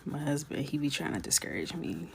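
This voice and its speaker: A woman in her thirties chatting casually and jokingly while coloring on a livestream, often dropping into soft whispers. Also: low-pitched, big pitch swings, brisk, creaky, a little hiss or hum.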